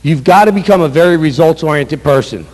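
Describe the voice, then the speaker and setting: High-voiced man teaching sales in a reverberant hall. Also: expressive, a little fast. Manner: emphatic, repetitive, acts out sample sales calls. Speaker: sales trainer. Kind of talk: motivational sales seminar talk. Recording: echoey hall with long reverb.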